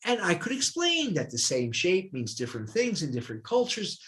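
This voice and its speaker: An older man, a retired professor, tells stories from his life in a lively, swooping voice that sits a little high. He slips into the voices of the people he quotes. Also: normal speed. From United States. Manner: animated, acts out quoted voices. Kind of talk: storytelling in a dialogue.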